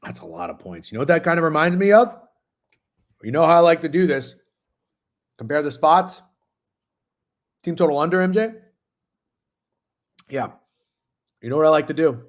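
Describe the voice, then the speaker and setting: A man's voice: on the high side, big pitch swings, normal speed, pauses often. A man in his thirties hosting a sports betting stream, chatting casually and profanely while reading chat messages. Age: 30s. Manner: profane, rambling, talks with mouth full at times. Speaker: sports betting show host.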